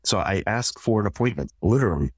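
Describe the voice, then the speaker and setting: A man with a notably low voice talks through his method one step at a time, patient and methodical. He is a couples therapist guesting on a podcast. The sound is close and dry, with no room around it. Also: quick pace, no echo. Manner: calm, methodical, walks through numbered steps and acts out example exchanges. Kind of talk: explaining in a podcast interview.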